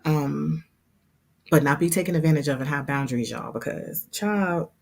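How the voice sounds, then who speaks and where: A woman hosting a casual livestream, talking in a chatty, heartfelt and expressive way as a hair program instructor. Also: low voice, moderate pace, creaky.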